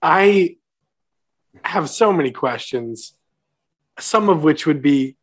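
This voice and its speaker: A young man co-hosting a casual movie chat, sarcastic and incredulous as he picks a film apart. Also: on the high side. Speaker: podcast co-host.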